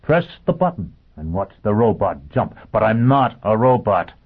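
A man's voice: on the low side, very animated, moderate pace, breathy edge, voice pushed up, full character voice. A man voicing a driven, bitter man who fires intense rhetorical questions at a crowd. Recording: tinny phone-like audio.

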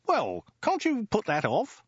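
A man's voice: mid-range voice, sing-song, moderate pace, breathy edge, no echo, dull audio, voice pushed up. A man voicing an impatient male warlord general who speaks in an urgent, strained, insistent way, in a storybook reading. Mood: exasperated.

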